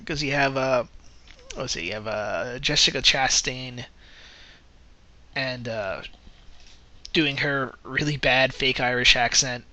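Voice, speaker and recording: A man's voice: mid-range voice, slow pace, pauses often, pushed and bright. A man giving a casual spoken movie review, rambling and correcting himself as he goes, often breaking into laughter. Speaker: film reviewer.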